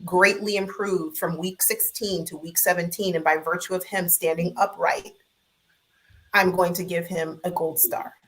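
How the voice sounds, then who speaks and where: A woman on a video call, a podcast guest in casual sports talk, measured and lawyerly, repeating her points. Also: fairly low pitch, steady tone, fairly bright tone.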